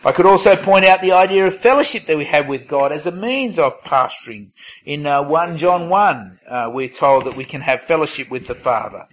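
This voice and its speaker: A man's voice: on the high side, lively intonation, normal speed, fairly bright tone, poor audio. A man preaching a sermon in a conversational way, reading scripture and adding casual asides. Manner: conversational, reads scripture aloud, self-aware asides.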